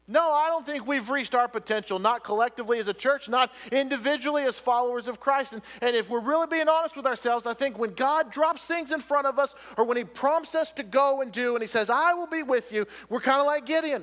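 A man preaching a sermon as pastor, swinging between loud emphatic lines and hushed ones. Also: very high voice, normal speed. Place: church sanctuary. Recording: long reverb of a church hall.

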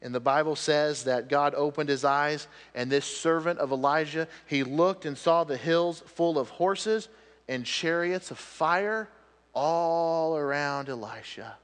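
A male pastor preaches with animated storytelling, then drops to soft, earnest appeals. His voice sits a little high for a man. It carries the long, rolling echo of a large hall. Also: unhurried. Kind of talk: sermon.

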